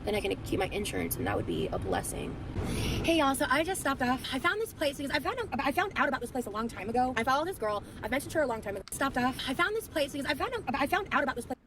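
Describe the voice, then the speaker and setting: Young woman, vlog clip, quick and chatty, slightly high, tired, noisy background. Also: sing-song. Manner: chatty, rambling, lots of fillers. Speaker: vlogger. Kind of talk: casual vlog chat. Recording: vlog audio with clear background noise.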